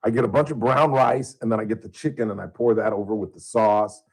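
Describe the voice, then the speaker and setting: A man's voice: fairly low pitch, fairly even intonation, fairly quick, a little mellow, husky, poor audio. A man in his sixties hosting talk radio from a studio, telling rambling stories in casual chat. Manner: rambling storyteller. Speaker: radio host. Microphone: studio mic.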